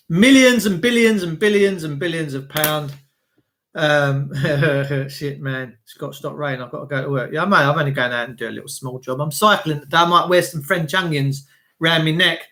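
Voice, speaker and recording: A man hosting a casual livestream, blunt and preachy, swearing freely, clearing his throat as he greets viewers by name. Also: on the high side, steady tone, moderate pace, pushed and bright. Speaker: livestream host.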